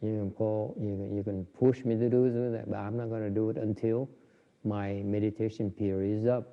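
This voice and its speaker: A man's voice: lowish voice, fairly even intonation, normal speed, vocal fry. A man giving an informal, joking dharma talk on meditation, with many restarts. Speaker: Buddhist meditation teacher. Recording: dull lo-fi recording in a reverberant hall.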